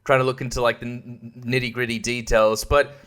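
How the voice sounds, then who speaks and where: A man's voice: mid-range voice, level tone, a little fast, a bit bright. An Australian man hosting a podcast, ranting in a casual monologue that is profane and sarcastic, laughing often. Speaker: podcast host and comedian.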